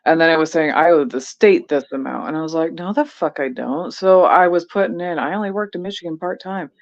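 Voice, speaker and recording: A woman veteran chatting casually on a livestream, telling stories in a profane, animated way over a video call. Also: low voice, a little fast. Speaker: veteran co-host. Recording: dull lo-fi stream audio.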